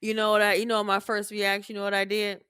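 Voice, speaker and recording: A middle-aged woman co-hosting a family podcast, her voice bright and forceful. She tells animated, profane stories and acts out her own reactions, and the sound is dry and close. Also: medium pitch, quick pace, clear, resonant tone, dry recording. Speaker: podcast co-host, mother. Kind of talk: casual family chat.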